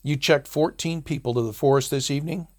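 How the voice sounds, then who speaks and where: A man's voice: fairly high pitch, fairly quick, no room sound, studio quality, voice pushed up, close to an everyday voice. A man voicing a sleazy, contemptuous male bar owner in an audiobook, speaking in a stern, clipped, accusing way.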